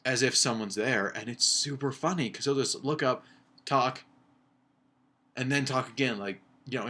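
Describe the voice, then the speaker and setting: A man's voice: mid-range voice, pushed and bright. Young male vlogger, casual film review, chatty and rambling, eager. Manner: rambling, filler-heavy, enthusiastic. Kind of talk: casual vlog movie review.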